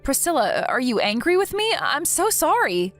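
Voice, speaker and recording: A woman's voice: high-pitched, big pitch swings, normal speed, a bit bright, soft background music, pitched above the performer's own voice. Text-message story: a woman playing a timid, self-loathing young wife, meek and apologetic.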